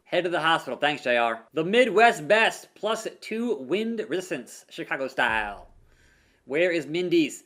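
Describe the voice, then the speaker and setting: A young man playing through a wrestling video game, reading the in-game dialogue aloud and calling the action like a commentator with loud whoops. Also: on the high side, big pitch swings, measured pace. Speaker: gaming YouTuber. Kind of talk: let's play commentary.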